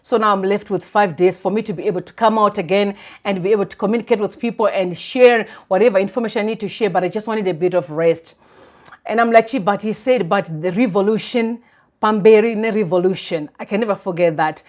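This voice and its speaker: A woman's voice: medium pitch, fast talker. Earnest woman. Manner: earnest, reflective, with frequent soft laughs. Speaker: live stream host. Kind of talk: casual live-stream talk.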